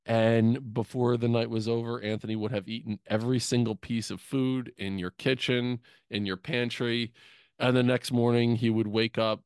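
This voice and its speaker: A man's voice: mid-range voice, little pitch movement, moderate pace, clear, resonant tone, dry recording, studio quality. A man who co-hosts a podcast, giving a eulogy through affectionate, humorous stories about his younger brother. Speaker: podcast co-host. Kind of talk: eulogy told as personal stories. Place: podcast studio.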